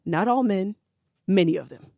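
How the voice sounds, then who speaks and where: A podcast storyteller retelling history for laughs, animated, slangy and profane. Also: mid-range voice, moderate pace, gravelly, no echo.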